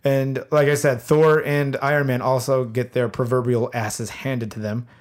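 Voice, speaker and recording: Animated man recapping a movie. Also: mid-range voice, normal speed. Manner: animated storyteller, swears freely, acts out movie moments. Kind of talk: casual movie recap chat.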